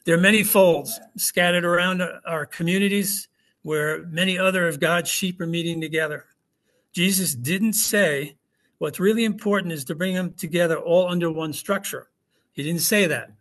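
Pastor preaching in a slightly high voice. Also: male voice, a bit bright. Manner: conversational preaching with rhetorical questions. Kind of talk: sermon. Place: church hall with congregation.

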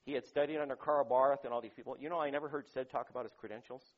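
A male pastor giving a conversational sermon, asking rhetorical questions and swinging between loud emphasis and quiet, intimate asides. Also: mid-range voice, steady tone, racing, dull audio.

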